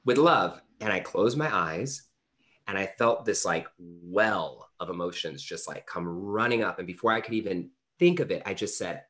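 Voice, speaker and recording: Low-voiced guy in his 30s, earnest storyteller, says "like" a lot. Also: normal speed. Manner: earnest, animated, lots of "like" fillers. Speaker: interview guest. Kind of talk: storytelling in conversation.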